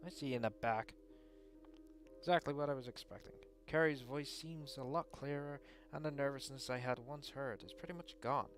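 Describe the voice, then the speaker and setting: A man's voice: mid-range voice, moderate pace, faint music behind. Joking, foul-mouthed man playing a game. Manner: joking, teasing, swears freely. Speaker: let's player reading a visual novel. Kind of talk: casual gaming commentary with narration.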